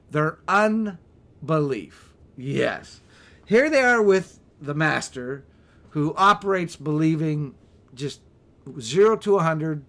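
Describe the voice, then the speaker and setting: A man preaching a Bible teaching sermon on a livestream, animated, with asides and rhetorical questions. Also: on the high side. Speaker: pastor.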